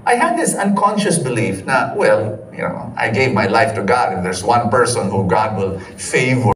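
A man with a Filipino accent preaching a sermon, switching between English and Tagalog in a lively way. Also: on the low side, normal speed. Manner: lively, mixes English and Tagalog, sings briefly, laughs often. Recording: roomy, from some distance, faint background noise.

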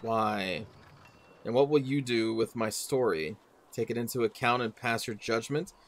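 A man's voice: mid-range voice, measured pace, natural voice. A man reading the lines of a guarded, defiant female elf wanderer in a game, in a terse, wary way.

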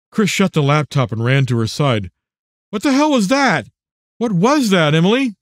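Expressive male audiobook narrator. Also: fairly high pitch, no echo, studio quality. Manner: expressive, dramatic reading. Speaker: author and narrator.

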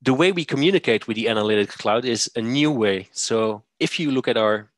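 A man presenting a software demo, walking through steps methodically with occasional fillers. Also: mid-range voice, a little fast, no room sound. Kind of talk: screen-share software demo.

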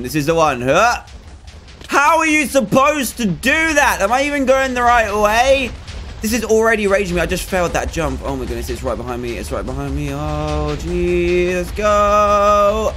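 A young man, giving excitable let's play commentary and groaning at failed jumps. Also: high voice, normal speed, soft background music. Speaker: gaming YouTuber.

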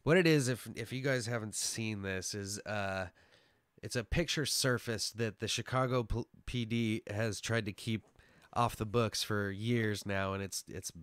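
A man's voice: lowish voice, unhurried, a bit bright, clear, resonant tone, dry recording, studio quality. A man co-hosting a casual podcast in a hot small room, rambling and swearing with lots of fillers and restarts. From Oregon. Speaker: podcast co-host.

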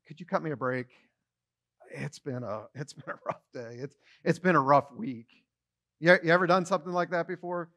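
A man's voice: a little high, fairly bright tone. A man pastor giving a conversational sermon, often repeating words as he starts a phrase and acting out everyday quotes with a shifting tone.

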